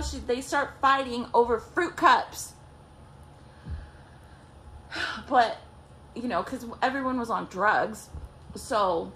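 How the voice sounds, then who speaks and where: A woman's voice: sits high, a little slow, pauses often, slight background noise. A young woman vlogger telling a story casually, swearing a lot and acting out what people said. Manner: profane, animated, acts out quotes.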